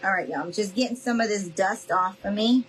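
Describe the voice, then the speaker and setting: A woman's voice: mid-range voice, a little fast, a little hiss or hum, rough recording. Chatty woman crafting live. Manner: chatty, folksy, talks straight to viewers. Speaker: craft video host. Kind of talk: casual livestream crafting chat.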